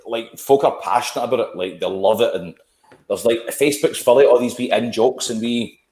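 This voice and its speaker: A man's voice: medium pitch, brisk, a little mellow, reverberant. A man chatting casually as podcast co-host, rambling and repeating words. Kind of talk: casual chat.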